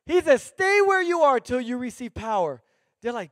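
A male pastor preaching a sermon in a church, animated and conversational, calling out to the congregation. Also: very high voice, normal speed, dry recording, clean studio sound.

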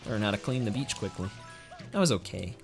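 A man's voice: on the low side, brisk, creaky, over music. A young man speedrunning a game on a live stream, chatting casually and making self-deprecating jokes to his viewers.

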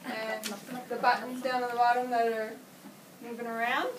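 A woman's voice: a little high, little pitch movement, moderate pace. Woman teacher, upbeat, explaining to kids, noisy room, far from the mic. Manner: upbeat, explaining step by step to children. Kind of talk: classroom demonstration. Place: classroom. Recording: echoey classroom, camera far off, noisy.

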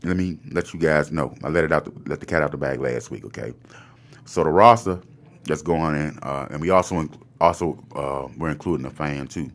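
Fast-talking deep-voiced male host. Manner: fast-talking, hyped, slangy. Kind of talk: casual live-stream chat.

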